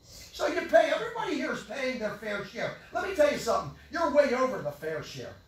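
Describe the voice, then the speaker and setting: An older man preaching a sermon with great passion, swinging from loud yelling to low mutters. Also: big pitch swings, fairly quick. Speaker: pastor. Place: church hall. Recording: echoey church hall, from far off.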